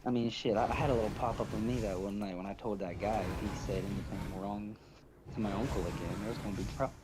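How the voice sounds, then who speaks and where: A man's voice: fairly low pitch, fairly even intonation, fast, heavy background noise. A man telling family stories in casual chat, rambling and swearing, laughing between lines. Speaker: stream party guest.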